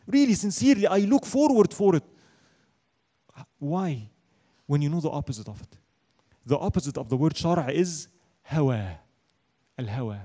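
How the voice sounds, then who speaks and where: With an animated delivery, an Islamic studies teacher lectures his religion class emphatically, often answering questions he's just posed. His voice sits high for a man but sounds dark and mellow, and he recites Arabic verses rapidly.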